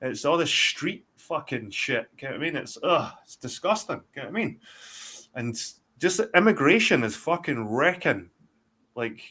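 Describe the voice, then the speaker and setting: A man's voice: medium pitch, lively intonation, moderate pace, pushed and bright, breathy edge. A man with a Scottish accent, talking bluntly in a rambling, heavily sworn live-stream chat. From Scotland. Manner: blunt, heavy swearing, rambling. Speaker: guest.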